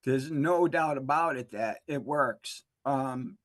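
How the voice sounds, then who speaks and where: A man telling his recovery story in a halting, emotional way, full of fillers and restarts. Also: medium pitch, no echo. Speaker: interview guest, recovery specialist. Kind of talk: emotional personal testimony.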